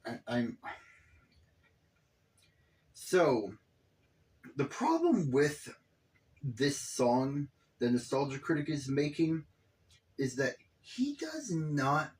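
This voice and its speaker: Slow, exasperated man ranting. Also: fairly high pitch, huge pitch swings, darkish tone. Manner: exasperated, profane, rambling. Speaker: video commentator. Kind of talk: casual reaction commentary.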